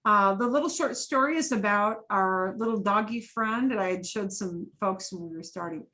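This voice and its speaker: A middle-aged woman leads a Spanish class in an easy, chatty way. She explains steps, models phrases with rising and falling intonation, and checks in with quick Spanish words. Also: mid-range voice, sharp tone, low-quality recording. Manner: chatty, sprinkles Spanish checks like vale and bien. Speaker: Spanish teacher. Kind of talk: casual classroom instruction.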